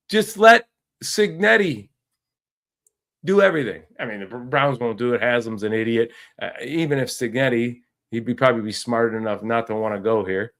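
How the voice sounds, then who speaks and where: A man's voice: mid-range voice, moderate pace, a bit bright. A man hosting a casual sports talk podcast, ranting in a frustrated way and often restarting his sentences. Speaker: podcast host.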